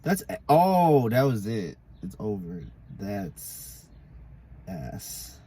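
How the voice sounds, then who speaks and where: A young man co-hosting a podcast, offhand and mumbling, with a voice that swings widely in pitch. There is a faint hiss in the background. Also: big pitch swings, drawn-out words, warm tone. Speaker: podcast co-host. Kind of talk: casual podcast chat.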